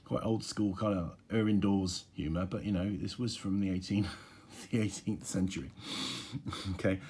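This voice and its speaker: A man's voice: deep voice, steady tone, normal speed, dark tone, a little hiss or hum. A man chatting casually and reading a long poem aloud, with many fillers and self-deprecating asides. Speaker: poetry reader. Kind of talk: casual introduction and poetry reading.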